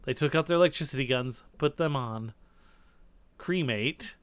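A man's voice: medium pitch, normal speed, clear, resonant tone, dry recording. A man reading an old childhood story aloud, giggling at it as he goes. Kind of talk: comedic read-aloud with commentary.

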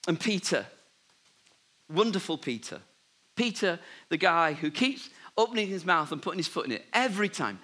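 A man preaching a sermon, telling a Bible story with lively asides and dropping softly when he gives God's words. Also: high voice, normal speed. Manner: animated storytelling, drops to soft voice for God's words. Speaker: pastor.

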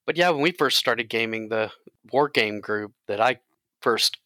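Dry, bright-toned male co-host. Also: medium pitch, measured pace, dry recording. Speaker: co-host and game master. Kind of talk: casual podcast chat.

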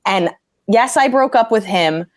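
A woman comedian talking casually about writing jokes, animated and swearing freely as she acts out angry quotes. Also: medium pitch, unhurried, dry recording, studio quality. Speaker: stand-up comedian. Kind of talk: casual interview talk.

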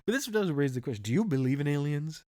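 A man's voice: on the high side, animated, fast, warm tone, no room sound, clean studio sound. A man co-hosting a casual podcast chat, sarcastic and profane, laughing often as he talks.

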